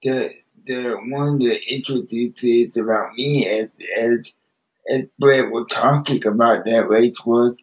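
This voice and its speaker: A man talks very slowly and deliberately as a guest in the conversation. His voice sits at a middle pitch. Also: steady tone, poor audio. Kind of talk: casual conversation.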